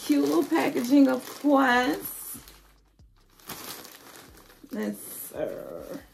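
A woman's voice: sits high, extremely slow, gravelly, a little hiss or hum. A woman hosting a casual wig review vlog, chatty and playful, talking straight to her viewers. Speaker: beauty vlogger.

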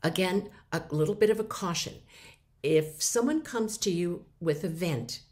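A middle-aged woman with a somewhat low voice delivers a short lecture in a lively, animated way. She breaks into quick acted-out replies to show her points. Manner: lively, acts out example replies. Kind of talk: mini lecture to camera.

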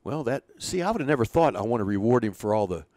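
An older man, a retired pitching coach, telling rambling, chuckling anecdotes in a casual interview. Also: expressive, quick pace, darkish tone, dry recording. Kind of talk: casual storytelling.

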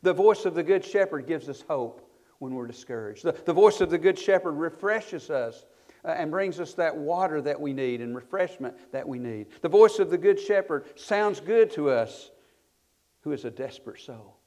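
A man's voice: a little high, lively intonation, moderate pace, a little mellow. A male pastor preaching a sermon with emphatic rises and falls, reading scripture aloud in old-style wording. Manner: emphatic preaching, voice swelling then falling off at phrase ends.

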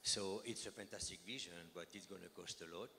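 A man with a French accent asking a question at a public meeting, halting with many pauses. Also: low voice, fairly even intonation, sharp tone. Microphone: handheld microphone. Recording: long hall reverb with faint noise.

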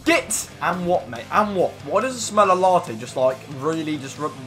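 A young man giving cheeky, excitable commentary on his gameplay, yelping at the plays. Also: fairly high pitch, moderate pace, soft background music. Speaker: gaming YouTuber.

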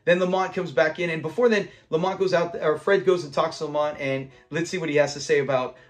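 A man's voice: on the high side, fairly even intonation, fast talker. A young man hosting a classic TV channel, casually and enthusiastically recapping an episode, retelling scenes and laughing along.

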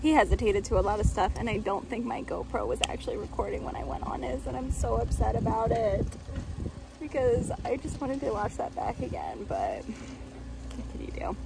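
A woman's voice: a little high, normal speed, gravelly. A young woman rider vlogging in a chatty, rambling way, full of "like" fillers. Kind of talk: casual vlog chat. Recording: loud background noise.

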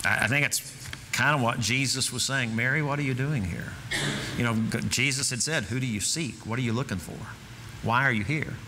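A man preaching in a church with a bright, forceful tone that rings out through a long hall reverb. He speaks earnestly and repeats key phrases as he builds to fervent emphasis. A faint room hum sits behind him. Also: mid-range voice, moderate pace. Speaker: pastor. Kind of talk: sermon. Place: church sanctuary.

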